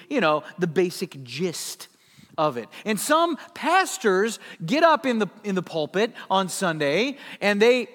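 High-voiced pastor in an echoing hall. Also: male voice, fairly bright tone. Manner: conversational, humorous storytelling. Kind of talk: sermon. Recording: long hall reverb.

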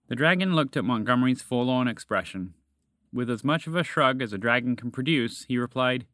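A man narrating a children's storybook in a calm, even reading manner. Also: medium pitch, brisk, dry recording, clean studio sound.

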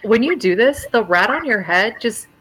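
A woman's voice: fairly high pitch, lively intonation, moderate pace, over music. A woman narrating a tabletop game as game master, casual and rambling. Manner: casual, rambling with fillers, laughs easily.

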